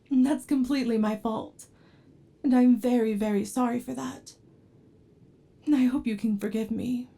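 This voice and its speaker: A woman voicing an obsessive, devoted android with an unstable temper in a whispered role-play, talking softly and pleading, sometimes flaring into anger. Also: a little high. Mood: apologetic, pleading. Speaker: ASMR role-play performer.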